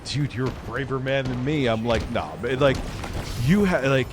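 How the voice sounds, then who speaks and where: A man hosting a stream, telling crude stories in a blunt, animated way. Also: medium pitch, moderate pace, noisy background. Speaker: streamer and host. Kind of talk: casual profane storytelling. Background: music.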